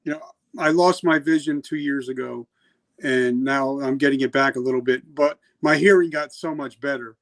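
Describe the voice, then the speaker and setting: A man's voice: medium pitch, moderate pace, no room sound. A man hosting a podcast, eagerly asking his guest to say more. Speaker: podcast host. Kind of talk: interview questions.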